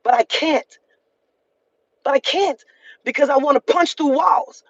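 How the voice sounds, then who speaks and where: A woman's voice: high-pitched, a little slow, no room sound, dull audio. A woman vlogger telling an emotional story in a heated, profane rant, repeating lines for emphasis.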